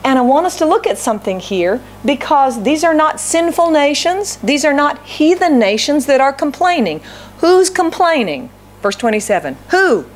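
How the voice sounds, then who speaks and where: A woman's voice: high voice, slight background noise. A middle-aged woman pastor preaching a sermon, asking the congregation questions and acting out prayers and complaints. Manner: acts out prayers and complaints in quoted voices.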